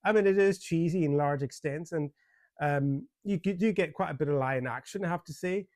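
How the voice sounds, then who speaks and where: A man with a fairly high voice chats casually through a movie review, amused and rambling with plenty of ums and restarts. The sound is dry and close, with no room echo. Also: fairly quick, a little mellow. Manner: chatty and amused, with many fillers and restarts and frequent chuckles. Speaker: film reviewer.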